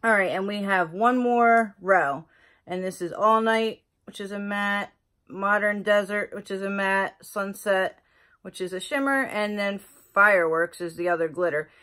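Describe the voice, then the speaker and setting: A woman's voice: medium pitch, a little slow. A woman beauty vlogger chatting casually through an unboxing, gushing and exclaiming over the products. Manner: gushing, excitable, lots of exclamations.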